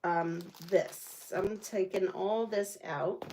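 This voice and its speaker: Slow-talking woman quilting host. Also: medium pitch, fairly even intonation, mellow, a little hiss or hum. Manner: chatty, laughs often, talks to viewers. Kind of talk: casual live-stream chat while sewing. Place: home quilting room.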